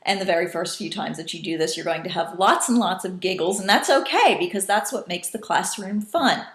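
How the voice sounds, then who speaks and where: A woman's voice: lowish voice, lively intonation, fairly quick, fairly bright tone. Woman teacher in an echoey room. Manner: patient, demonstrating call-and-response in varied voices. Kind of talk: instructional talk to teachers.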